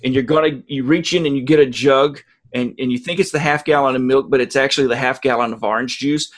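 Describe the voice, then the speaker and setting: A man co-hosting a podcast, rambling through joking analogies in casual chat. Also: mid-range voice. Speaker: podcast co-host.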